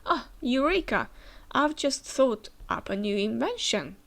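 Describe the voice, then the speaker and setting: A woman reading the lines of a busy, absent-minded male inventor in an excited, hurried way. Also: on the high side, vocal fry, exaggerated voice.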